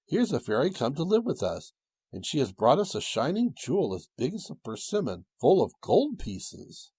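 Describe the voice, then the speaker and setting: A man's voice: fairly low pitch, animated, a little slow, a little mellow, breathy edge, no echo, heavily acted. A man voicing a humble, fretful old woodcutter in a storybook tale, speaking in a rustic, exclaiming way.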